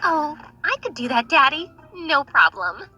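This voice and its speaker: A woman's voice: high-pitched, sing-song, measured pace, pushed and bright, soft background music, voice pushed up, full character voice. A woman voicing a spoiled, cruel rich teenage girl with a bratty, sneering manner. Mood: sugary.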